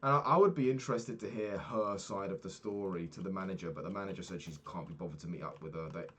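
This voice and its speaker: A man's voice: low-pitched, quick pace, slightly rough. A young man telling a personal story in a casual, candid way, swearing freely and acting out the people he quotes. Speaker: podcast host.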